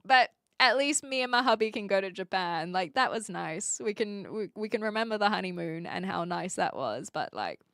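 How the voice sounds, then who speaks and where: A woman's voice: medium pitch, lively intonation, moderate pace, hardly any pauses, a bit bright, dry recording, studio quality. A woman, streaming and chatting casually as she reads viewer comments, rambling and playful with frequent giggles.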